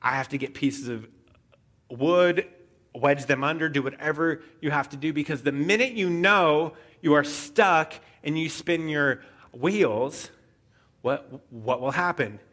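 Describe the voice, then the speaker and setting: A man preaching a sermon, telling a story with animated asides and frequent stammered restarts. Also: fairly high pitch, unhurried. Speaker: pastor.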